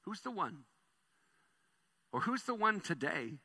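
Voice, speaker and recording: A male pastor delivering a sermon in a high, very bright voice. He tells stories with lively energy, dropping soft and then rising loud. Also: slow. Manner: animated storytelling, swings between soft and loud.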